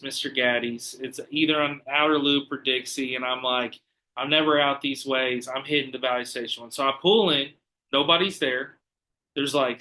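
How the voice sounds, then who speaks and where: A man telling lively stories in casual podcast chat, swearing freely and acting out the people he quotes. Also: medium pitch, low-quality recording. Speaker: podcast guest.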